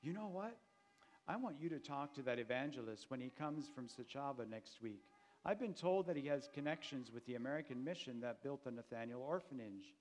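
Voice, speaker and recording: A man voicing a kind, fussing farmer's wife in a read-aloud storybook, exclaiming warmly. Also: mid-range voice, expressive, a little fast, natural voice. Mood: eager. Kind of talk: storybook reading.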